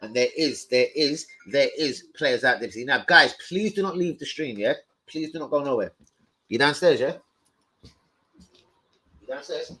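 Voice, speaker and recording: A young man ranting live about football to his viewers, loud, sweary and jokey. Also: medium pitch, lively intonation, moderate pace, slightly rough, poor audio. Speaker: football fan livestreamer.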